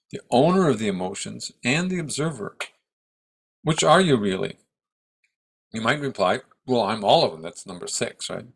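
Older male teacher, 70s, bright clear tone, reflective, pausing speech. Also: mid-range voice. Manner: thoughtful, halting, restarts often. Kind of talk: reflective dharma talk.

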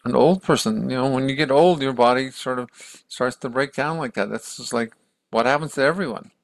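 A man's voice: mid-range voice, brisk, vocal fry, no echo, natural voice. A man voicing a matter-of-fact guard captain who explains things offhandedly while retelling a story.

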